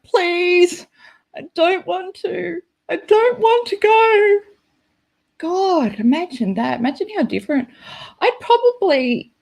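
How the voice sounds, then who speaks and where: A woman hosting a live stream, chatting casually and rambling with lots of "like" and giggles. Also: medium pitch. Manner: rambling, giggly, full of "like" fillers.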